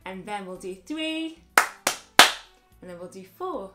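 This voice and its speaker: A woman in her thirties leading a children's music lesson, upbeat and encouraging, explaining things slowly and clearly. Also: medium pitch, expressive. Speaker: music teacher.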